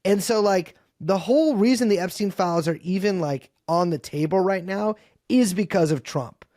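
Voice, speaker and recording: Man guest, casual political chat, rambling and swearing, slightly high pitch, dry close sound. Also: normal speed, a little mellow, dry recording. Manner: rambling, profane, lots of fillers and restarts. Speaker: podcast guest.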